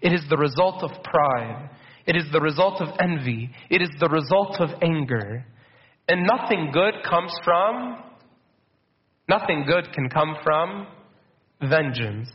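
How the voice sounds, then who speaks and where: Man preaching, slightly high, muffled sound. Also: animated. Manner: conversational preaching, slows for quotes, mixes in Arabic words. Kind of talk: sermon.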